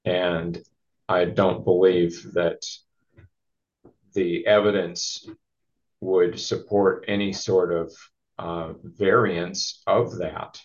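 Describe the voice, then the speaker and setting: Very deep, slow man at a hearing. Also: flat delivery. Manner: halting, many fillers and restarts. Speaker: party at a land-use hearing. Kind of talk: legal argument at a hearing. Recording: dull lo-fi recording.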